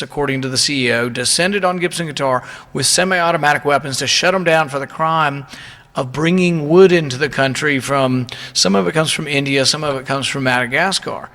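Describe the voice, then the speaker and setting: Male politician at the podium, indignant and emphatic, bright forceful voice, reverb from a big hall. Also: fairly high pitch, brisk. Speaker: politician giving a speech. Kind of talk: public speech.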